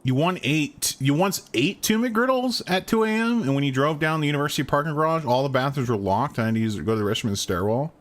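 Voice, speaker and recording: Young male streamer, slightly high, expressive delivery, slangy jokes. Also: fast talker, few pauses. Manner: crude joking banter with chat, slangy. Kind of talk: casual gameplay chat.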